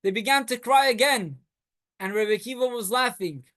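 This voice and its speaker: A man, a rabbi, giving a weekly Torah class to students in a classroom. He tells stories with energy and trades quick remarks with his listeners. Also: very high-pitched. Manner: animated storytelling, talks with students.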